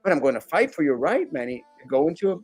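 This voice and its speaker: Talk-show guest, man, a bit higher voice, lively and talkative, husky. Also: quick pace, no room sound, faint music behind. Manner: animated, acts out critics in mocking voices; many restarts and fillers. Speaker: guest, sitting school board member. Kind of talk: casual interview talk.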